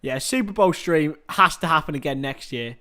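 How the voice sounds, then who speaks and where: A man's voice: fairly high pitch, animated, normal speed, bright, forceful tone. Chatty man hosting a watchalong. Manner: chatty, jokey, self-mocking. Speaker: livestream host. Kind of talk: casual watchalong commentary.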